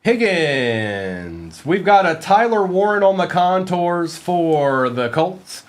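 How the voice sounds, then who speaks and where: A man's voice: high-pitched, very animated, slow. A man hosting a live card-break stream, calling out cards while chatting and joking with his viewers. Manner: joking, playful asides to chat.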